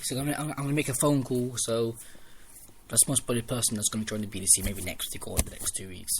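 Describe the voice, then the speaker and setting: A man giving a casual spoken review of a wrestling show, rambling and excitable, restarting sentences as he retells the matches. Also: medium pitch, fast talker, noisy background. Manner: rambling, excitable recap with restarts and quoted lines.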